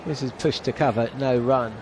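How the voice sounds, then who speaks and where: A man's voice: mid-range voice, steady tone, normal speed, noisy background. A man giving live ball-by-ball radio cricket commentary, chatty and wry.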